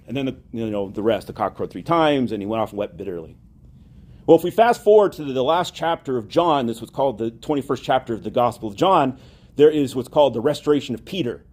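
A man preaching a homily, telling a story with lively acted-out dialogue. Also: mid-range voice, a little fast, breathy edge. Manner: animated storytelling, acts out quoted dialogue.

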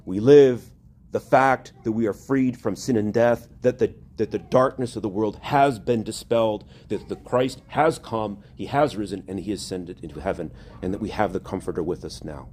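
A man's voice: lowish voice, moderate pace, darkish tone, a little hiss or hum. A male priest preaching a sermon, earnest and rising to emphatic exhortation.

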